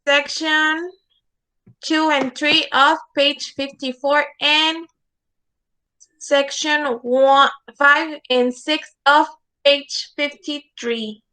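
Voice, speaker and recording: Slow, bright-voiced woman teaching English. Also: sits high, steady tone. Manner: slow, repeating words for students to echo; checks understanding with frequent "okay?". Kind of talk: online class instruction.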